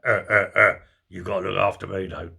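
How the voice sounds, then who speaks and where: A man's voice: deep voice, level tone, fairly quick, vocal fry, sharp tone, breathy edge, pitched below the performer's own voice, full character voice. A man voicing a leering male prison cellmate in a mock-tender, lewd croon.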